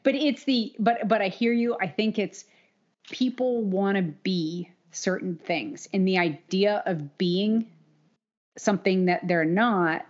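A woman's voice: mid-range voice, slow, darkish tone. A middle-aged woman co-hosting a casual podcast, chatty and laughing often as she talks. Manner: chatty, laughs often, puts on mock voices. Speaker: podcast co-host. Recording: dull lo-fi audio.

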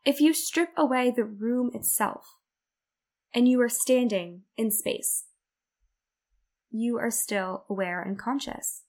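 A woman's voice: on the high side, takes it slowly, pauses often, a little mellow. A woman hosting a self-development podcast, talking earnestly in a reflective monologue and acting out the worried inner voice in her examples. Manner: earnest, acts out inner-voice quotes. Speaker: podcast host.

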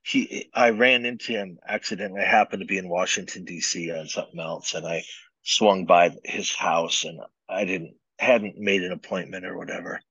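A man, a pastor, relaxed and anecdotal, telling stories as a guest in an interview. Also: sits low, moderate pace, slightly rough, no room sound. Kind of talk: casual storytelling in an interview. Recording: dull lo-fi sound.

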